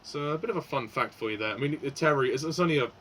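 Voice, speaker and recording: A man's voice: a little high, lively intonation, quick pace, fairly bright tone, slight background noise, low-quality recording. Hesitant man reviewing a film. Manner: hesitant, many fillers and restarts. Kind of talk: casual spoken film review.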